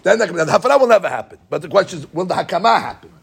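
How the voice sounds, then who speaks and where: Fast-talking gravelly male Talmud teacher. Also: high-pitched, sing-song. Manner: reads Aramaic text rapidly and explains it in English; stumbles and repeats words while explaining. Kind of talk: casual Talmud study lesson.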